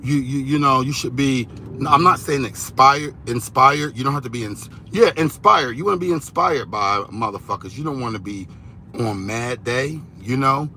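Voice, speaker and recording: A man giving rambling, animated gossip commentary on reality TV, repeating himself as he goes. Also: medium pitch, normal speed, slight background noise.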